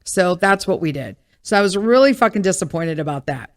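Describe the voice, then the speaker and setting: A woman's voice: on the low side, lively intonation, a little fast. A woman hosting a podcast, telling a story in a casual, profane and exasperated rant. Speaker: podcast host.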